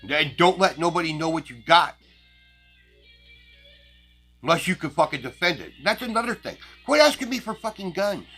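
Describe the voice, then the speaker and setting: A man's voice: on the high side, expressive, normal speed, long pauses, bright, forceful tone, faint music behind. Crass, foul-mouthed man ranting at viewers. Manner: crass, blunt and heavily profane; scornful, laughing at his viewers. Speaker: channel host. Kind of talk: profane casual rant to viewers.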